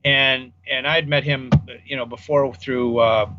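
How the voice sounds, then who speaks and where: A man's voice: medium pitch, steady tone, unhurried, lo-fi sound, over music. An older man, a guest audio designer, casually telling rambling anecdotes in an interview and acting out the people he quotes.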